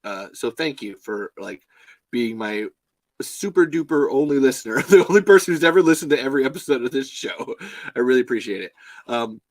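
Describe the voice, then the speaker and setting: A man's voice: mid-range voice, fairly quick, dry recording, poor audio. A man hosting a casual live podcast from a home mic, rambling and swearing freely. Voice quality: profane, rambling, animated. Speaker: podcast host.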